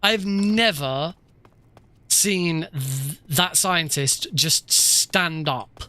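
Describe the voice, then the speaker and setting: Bright-voiced chatty male streamer. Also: on the high side, drawn-out words. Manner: chatty, self-mocking, laughs often. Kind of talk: casual gameplay livestream commentary.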